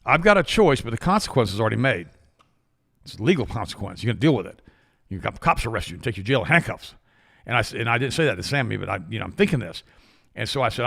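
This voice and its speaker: An older man hosting a studio talk show, telling a rambling, animated story full of restarts. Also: on the low side, gravelly, breathy edge. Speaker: show host.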